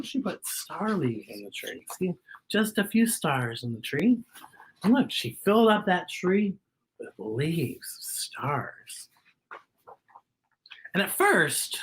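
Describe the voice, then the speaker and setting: A woman's voice: medium pitch, husky. A woman hosting a children's storytime, reading a picture book aloud and asking her young listeners questions, sometimes dropping to a whisper.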